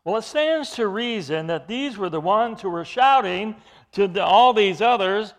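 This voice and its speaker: A man preaching an expository sermon, emphatic, with his voice rising into loud bursts. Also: sits high, expressive, moderate pace.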